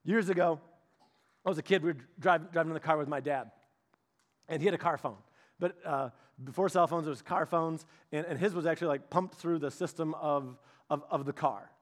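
Animated high-voiced man preaching. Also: brisk. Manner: animated, acts out quoted voices, shifts from loud to hushed. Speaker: pastor's son preaching. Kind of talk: sermon with personal story.

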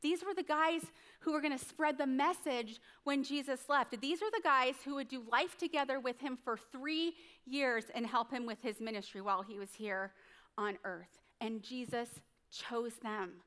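A woman's voice: high voice, moderate pace, fairly bright tone. A woman pastor preaching a sermon in a conversational, storytelling way, often checking in with the congregation. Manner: conversational, storytelling, frequent tag questions.

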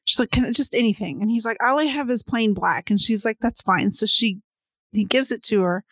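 A woman's voice: fairly high pitch, fairly quick, fairly bright tone, slightly rough, no echo, studio quality. A woman in casual chat about a book, retelling scenes animatedly and acting out the characters' lines.

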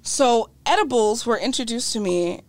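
A woman's voice: fairly high pitch, lively intonation, moderate pace, no echo. A woman co-hosting a podcast, telling a rambling story in casual chat and laughing often. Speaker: podcast co-host.

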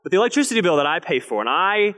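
A young man preaching a sermon to his church, telling a family story with lively storytelling and then dropping into a hushed, intense delivery. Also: sits high, rapid-fire. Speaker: pastor. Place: church sanctuary. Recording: long hall reverb.

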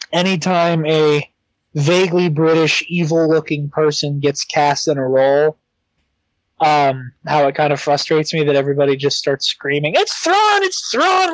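Hesitant young man, slightly high voice. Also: no echo, rough recording. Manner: hesitant, many ums and restarts, enthusiastic. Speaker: podcast co-host. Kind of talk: casual chat.

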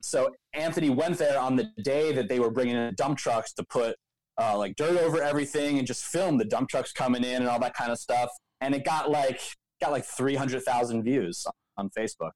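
Here the co-host, a young Philadelphia-area man who helped found a local news outlet, is fairly quick, medium-pitched and darkish. He rambles through a long story in easygoing podcast talk, filling it with "um" and "like." The recording is dry and low in quality.

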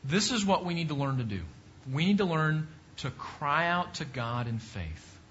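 A man's voice: a little high, expressive, normal speed, a bit bright, lo-fi sound, a little hiss or hum. A man teaching a Bible class, preaching emphatically and repeating points with rising questions.

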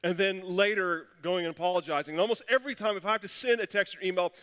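A man's voice: sits high, fast talker, fairly bright tone, smooth, long reverb tail. A man preaching a casual, conversational sermon as pastor, self-deprecating and telling stories with frequent restarts.

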